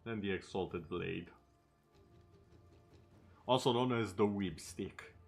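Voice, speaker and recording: Guy streaming a game, lowish voice, chill chatty with sarcastic jokes, bit of game music behind. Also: takes it slowly, gravelly, husky. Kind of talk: casual gameplay chat.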